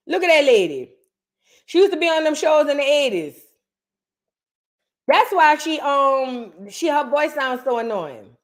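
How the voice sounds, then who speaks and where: A Southern US woman hosting a casual reaction show, with a high voice. She talks straight to her viewers in a loose, chatty way. Her delivery is easy and conversational. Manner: chatty, addresses viewers as y'all. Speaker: host.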